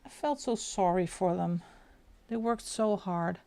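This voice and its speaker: Speaking English with a Flemish accent, a native Dutch-speaking woman chats casually on her live stream while colouring, often breaking into giggles. Her voice is fairly low, mellow, and unhurried.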